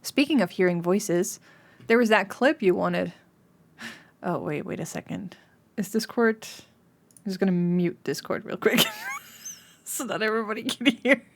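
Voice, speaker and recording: A young woman streaming live, chatting casually with her viewers, giggling often and breaking into excited high squeals. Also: measured pace, creaky, pauses often, slight background noise.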